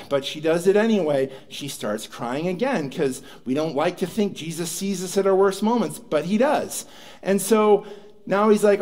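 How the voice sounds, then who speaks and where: Storytelling male pastor, fairly high voice. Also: moderate pace, a little mellow. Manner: storytelling, acts out quoted prayers and dialogue. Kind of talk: sermon. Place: church sanctuary.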